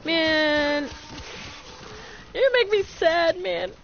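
A woman co-hosting a casual chat, telling animated stories with plenty of swearing and laughter. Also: extremely high pitch, drawn-out words, vocal fry, lo-fi sound, slight background noise. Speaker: co-host.

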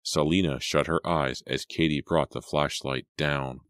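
A man with an extremely deep voice narrates a suspense audiobook in a measured, steady manner. The recording is dry and close, with no room sound. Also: dry recording. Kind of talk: dramatic audiobook reading.

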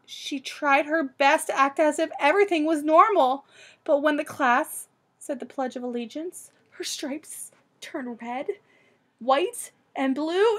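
A woman reading a children's picture book aloud expressively and pausing to ask listeners questions. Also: high-pitched, pushed and bright. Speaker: storybook reader for children.

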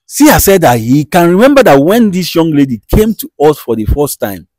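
A man who presents and interprets, switching between urgent appeals and calm reassurance in a comedy skit. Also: on the high side, moderate pace, no echo.

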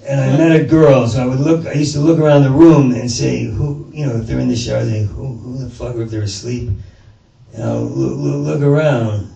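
A man's voice: mid-range voice, brisk, vocal fry, mellow, highs cut off. A man doing rambling stand-up storytelling, stammering and swearing as he jumps from one thought to the next. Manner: stammering, profane, digressive. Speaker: stand-up comedian. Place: small performance space in front of an audience. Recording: roomy, distant mic, faint noise.

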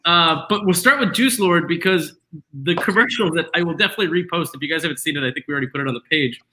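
A man's voice: fairly high pitch, fast talker, bright, forceful tone, low-quality recording. A man hosting a casual live chat show, playful and teasing. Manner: laughs often, playful teasing. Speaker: show host.

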